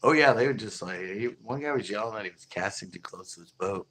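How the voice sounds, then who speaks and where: A man's voice: fairly low pitch, fast, fairly bright tone, rough recording. A man casually telling stories from his fishing tournaments, laid-back and often laughing as he acts out other people's lines. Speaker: fishing channel host. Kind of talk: casual storytelling.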